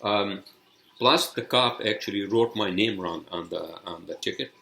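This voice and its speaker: Casting note: deep-voiced man, profane, rambling podcast host mid-rant. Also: normal speed, vocal fry, sharp tone, echoey room.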